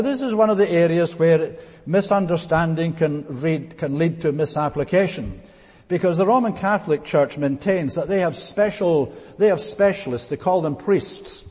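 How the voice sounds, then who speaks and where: Husky preacher in a reverberant hall. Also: male voice, a little high, darkish tone. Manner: deliberate, teacherly, with frequent "uh" fillers. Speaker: pastor. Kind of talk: expository Bible sermon.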